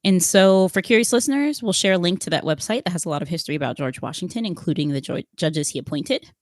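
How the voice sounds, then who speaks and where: Podcast co-host, woman, lower voice, measured explainer who keeps asking her partner questions; dead-dry close mic. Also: lively intonation, no echo.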